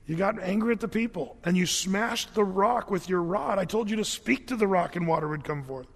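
A pastor playing God as a stern, calm male voice rebuking a leader, in an echoey hall. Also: high-pitched, a little fast, gravelly.

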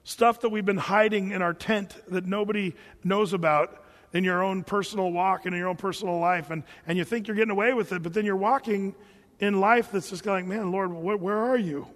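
A man teaching through a Bible chapter as a pastor, conversational and animated, acting out the quotes. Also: high voice, brisk. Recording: long hall reverb.

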